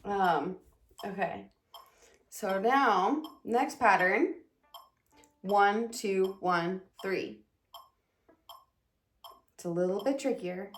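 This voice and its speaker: A woman's voice: mid-range voice, drawn-out words, pauses often. A woman teaching viola in a casual lesson, chatting, counting aloud and singing rhythms while she plays. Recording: echoey room with viola playing. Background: her own viola playing and a metronome.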